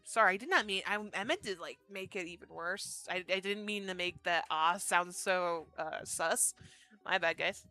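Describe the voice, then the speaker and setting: A young woman streamer reading a story game aloud, breaking off for quick, chatty asides to her chat. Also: lowish voice, bright, forceful tone, no room sound, soft background music.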